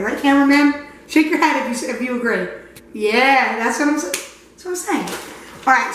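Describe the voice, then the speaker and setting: A woman's voice: high-pitched, slight background noise. A young woman hosting a comedic cooking tutorial in a home kitchen, goofy, crude and rambling. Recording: echoey kitchen, mic at a distance.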